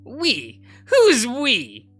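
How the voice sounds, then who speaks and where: A man voicing a manic, menacing male weasel with a gun who taunts and shouts. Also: mid-range voice, big pitch swings, a little slow, soft background music, exaggerated voice. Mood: taunting.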